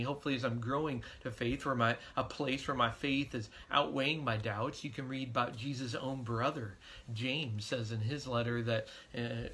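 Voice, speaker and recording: A man's voice: mid-range voice, pushed and bright, slight background noise. A middle-aged man, a pastor, giving a devotional sermon in an earnest, conversational storytelling way.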